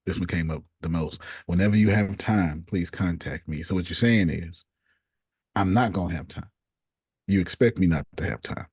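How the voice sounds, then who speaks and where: A man coaching a group, reading out negative self-talk statements one after another in a deliberate, casual way. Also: sits low, darkish tone, husky, no room sound, studio quality.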